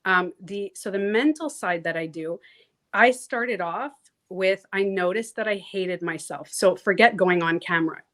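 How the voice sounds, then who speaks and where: A woman coach chatting in an interview, lively and outspoken, with a freely swearing, frank way of talking. She acts out the people she quotes, jumping in pitch and loudness as she goes. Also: measured pace. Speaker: transformation coach, guest. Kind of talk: casual interview talk.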